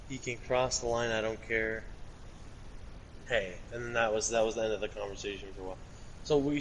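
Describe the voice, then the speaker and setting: A man's voice: mid-range voice, slight background noise, rough recording. A young man in casual chat, recounting and reading aloud a string of text messages. He rambles and swears casually. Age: young adult.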